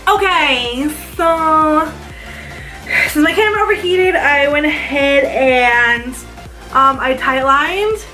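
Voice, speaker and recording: A woman's voice: sits high, takes it slowly, bright, forceful tone, distant mic. A young woman from South Dakota chatting casually while doing her makeup, rambling with lots of "like" fillers. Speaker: beauty vlogger. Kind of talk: casual get-ready-with-me chat. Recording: echoey room, a bit off-mic, faint music.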